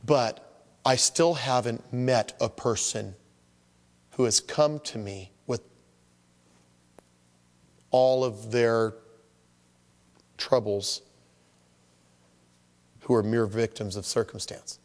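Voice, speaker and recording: Animated preacher man in an echoing hall. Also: mid-range voice, takes it slowly, long pauses. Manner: animated, acts out voices of complainers. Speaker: pastor. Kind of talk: sermon.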